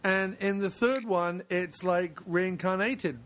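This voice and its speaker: A man hosting a podcast, chatting casually about films, animated and laughing, swearing freely. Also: high-pitched, slow pace. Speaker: podcast host. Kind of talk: casual chat.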